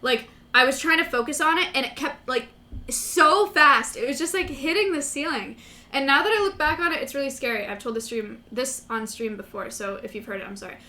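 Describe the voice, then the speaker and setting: Woman co-host, excitable casual talker, high bright voice, rapid delivery. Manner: excitable, quick interjections. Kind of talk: casual chat.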